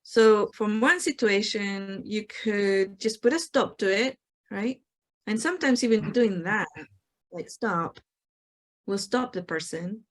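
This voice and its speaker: A woman hosting a spiritual talk show, calmly explaining her ideas and acting out the replies people give. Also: mid-range voice, measured pace. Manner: reflective, explanatory, acts out quoted replies. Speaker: host.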